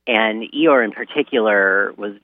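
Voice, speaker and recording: A man's voice: fairly low pitch, unhurried, no room sound, phone-quality sound. A man from California, a guest on a radio show, talks casually with frequent ums and short laughs. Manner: relaxed, hesitant, many ums and laughs. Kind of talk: casual interview conversation.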